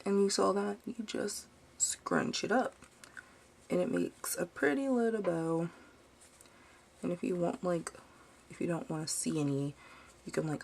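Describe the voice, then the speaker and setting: With a fairly low, slightly mellow voice and vocal fry, a young American woman chats through a craft tutorial at home. This DIY vlogger, who has a Baltimore accent and a Southern drawl, uses "y'all" and gets sidetracked easily, with slight background noise.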